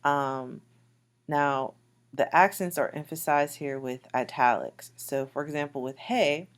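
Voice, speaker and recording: Slow, low-voiced woman teaching Hebrew. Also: clear, resonant tone. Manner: patient, repeats words slowly with fillers. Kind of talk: recorded slide lecture.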